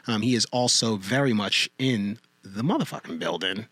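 A man's voice: lowish voice, lively intonation, moderate pace, a bit bright, no echo. A man hosting a panel podcast, introducing guests with jokey asides. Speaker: podcast host.

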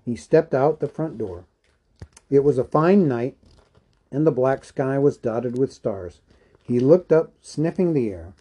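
A man reading a novel aloud in a measured, even storytelling manner. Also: mid-range voice, slightly rough. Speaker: audiobook reader.

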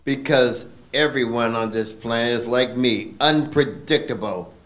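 A man in a church congregation answering a question, speaking haltingly with many pauses and fillers. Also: mid-range voice, a bit bright.

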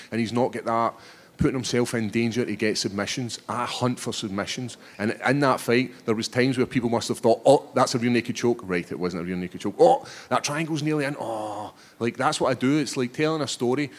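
A Scottish fighter in his thirties talks to reporters after a bout. He is cheeky and animated, and his words tumble out with restarts. His voice sits in a plain middle register. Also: medium pitch. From Scotland. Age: 30s. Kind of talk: post-fight press scrum.

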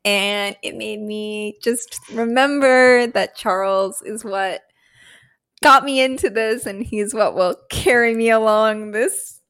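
A woman's voice: mid-range voice, slow, a bit bright, clean tone. A woman co-hosting a podcast who rambles through anecdotes in casual chat, giggling and using many fillers. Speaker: podcast co-host.

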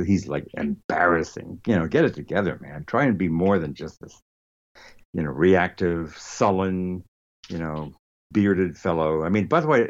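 A very deep-voiced man chatting loosely about movies, rambling through restarts and fillers. The audio is a bit dull and lo-fi, like a home podcast setup. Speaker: podcast co-host. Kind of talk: casual film review chat.

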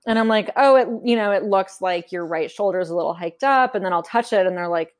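A woman's voice: mid-range voice, quick pace. A woman speaking frankly in a casual conversation, chatty, acting out quotes as she tells her story. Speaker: memoir author guest. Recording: podcast conversation.

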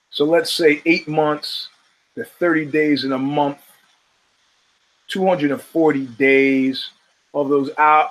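A man's voice: fairly high pitch, fairly bright tone, poor audio. A man in his fifties hosting a podcast, ranting about fight results with lots of profanity and rambling asides. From United States. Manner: emphatic, ranting, profane, digressive. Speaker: podcast host.

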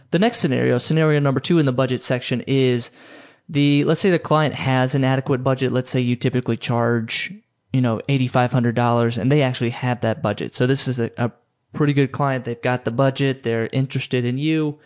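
Guy doing a podcast lesson, mid pitch, talks loose with lots of "you know" and "like". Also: fairly even intonation, fairly quick, a little mellow. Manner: loose and chatty, many fillers and restarts. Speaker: podcast host coaching photographers on sales. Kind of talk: casual instructional talk.

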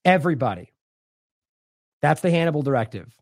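A man's voice: high voice, big pitch swings, fairly quick, dry recording, clean studio sound. A man hosting an independent news show, delivering indignant, sarcastic commentary with heavy emphasis.

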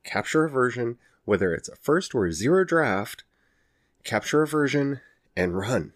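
A man's voice: medium pitch, very animated, moderate pace, no room sound, clean studio sound. A man in his forties from the Ozarks with an Ozark Southern accent, hosting a casual solo podcast in a chatty, self-mocking way. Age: 40s. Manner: chatty and self-mocking, frequent laughs and restarts. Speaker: podcast host.

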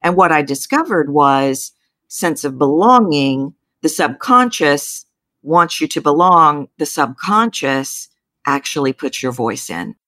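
Low-voiced Texan woman, dry close sound. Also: slow pace, dry recording. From Texas. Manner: animated storytelling with pitch jumps. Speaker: voice coach. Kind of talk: interview guest.

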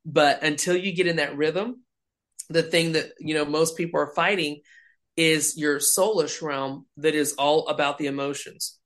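An ordained woman minister, appearing as a guest on a faith interview, tells stories in a low voice at a normal speed. She's animated and acts out the voices of the people she quotes.

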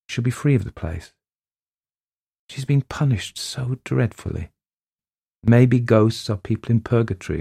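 A man voicing a gentle young woman teacher who is shaken and earnest, speaking hesitantly. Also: fairly low pitch, vocal fry, breathy edge, no echo, studio quality, voice pushed up. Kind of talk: storybook reading.

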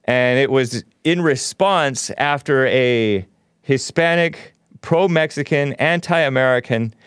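A man's voice: medium pitch, takes it slowly, clean tone, no room sound, studio quality. A man hosting a talk show, talking in a rambling, opinionated monologue with frequent chuckles. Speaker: show host.

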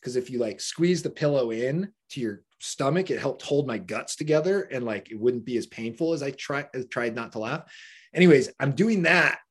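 A man's voice: mid-range voice, animated, normal speed, husky. A man, a podcast guest, telling a story in a loose, casual way, swearing often, laughing along and filling his talk with "like". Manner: profane, laughing, heavy use of "like".

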